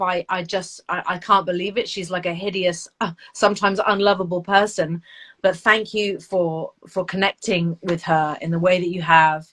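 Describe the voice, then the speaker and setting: A woman, an actress, chatting casually on a live video call, animated and laughing as she tells stories about herself. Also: on the low side. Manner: animated, laughing, self-deprecating storytelling. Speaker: actress guest.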